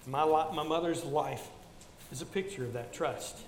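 A man around sixty preaches in an echoing hall with long reverb, his voice pitched high for a man. He presses his points through repetition, then drops soft for a personal story. Faint room ambience hangs behind him. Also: moderate pace, slight background noise. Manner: earnest, repetitive exhortation, drops soft for stories. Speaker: pastor. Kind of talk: sermon.

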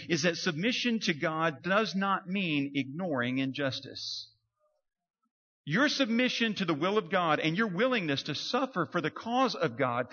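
A man with a fairly high, bright, forceful voice preaches a sermon as a pastor. He talks conversationally and acts out the people he quotes. The sound is dull and carries a long hall reverb, as in a church sanctuary.

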